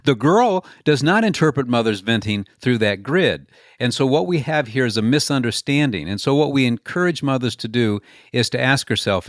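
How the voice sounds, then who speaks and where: A man with a mid-range voice and lively intonation speaks at a moderate pace, in clean studio sound with no echo. He's an author and speaker giving conversational interview answers, earnestly explaining his ideas through stories and acted-out quotes, repeating words as he builds a point.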